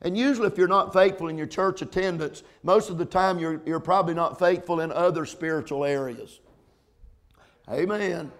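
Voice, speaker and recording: Preaching from the pulpit, a middle-aged male pastor speaks in a voice that runs a little high. He repeats words, slips in "amen" again and again, and slows for emphasis before surging to loud peaks.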